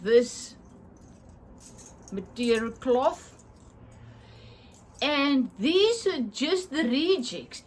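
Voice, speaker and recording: Slow, high-voiced woman. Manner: chatty, enthusiastic, laughs often, searches for words. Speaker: craft vlogger. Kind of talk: casual show-and-tell.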